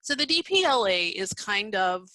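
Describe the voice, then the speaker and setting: This woman, a library presenter, is hiccuping her way through a screen-shared virtual conference presentation, talking casually with fillers and false starts. She sounds medium-pitched, very animated, pushed and bright at a moderate pace, captured in dry, poor-quality audio.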